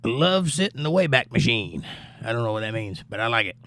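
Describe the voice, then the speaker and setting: A man's voice: mid-range voice, sing-song, fairly quick, fairly bright tone. A male livestream host and musician, reading out viewer comments and answering them in a casual, laid-back way.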